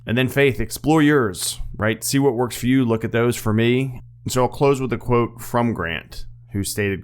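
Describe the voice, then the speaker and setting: A man's voice: medium pitch, fairly even intonation, moderate pace, hardly any pauses, smooth, soft background music. A middle-aged man hosting his own podcast, talking earnestly and plainly, often checking in with a "right?". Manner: earnest, plain-spoken, frequent "right?" asides. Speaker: podcast host. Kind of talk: casual monologue.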